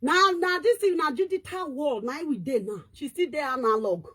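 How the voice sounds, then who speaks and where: A woman's voice: high voice, animated, moderate pace, fairly bright tone. A woman with a Nigerian Pidgin accent, ranting and scolding in casual online commentary, switching between languages.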